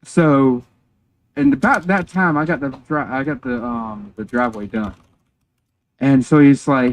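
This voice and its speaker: A man's voice: medium pitch, a little slow, dull audio. A man, chatting on a game stream and telling a joking, rambling story with casual swearing. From North Carolina, USA.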